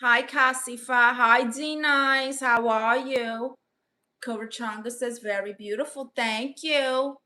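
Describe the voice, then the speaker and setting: A woman from Brooklyn with a Brooklyn accent, hosting a casual livestream, reading viewer comments aloud and answering with sassy, quick comebacks. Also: fairly high pitch, fairly even intonation, sharp tone. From Brooklyn, New York. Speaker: livestream host reading chat.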